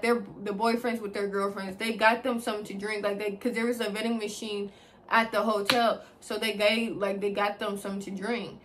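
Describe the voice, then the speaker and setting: A young woman vlogger telling a personal story in a casual, chatty way, talking straight to her viewers, swearing freely and leaning on filler words. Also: fairly high pitch. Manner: chatty and expressive, addresses viewers as y'all, swears freely, heavy use of like.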